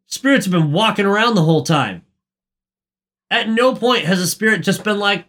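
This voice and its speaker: Exasperated, excitable man with a high voice. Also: moderate pace. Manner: exasperated, profane, rising to near-shouts. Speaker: podcast co-host. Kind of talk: casual chat.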